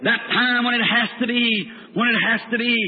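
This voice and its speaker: Preacher man, real high voice, tinny old recording in a big hall, tells it all dramatic. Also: flat delivery, moderate pace. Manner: fervent, dramatic, speeds up and cries out in retold prayers. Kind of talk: sermon with storytelling.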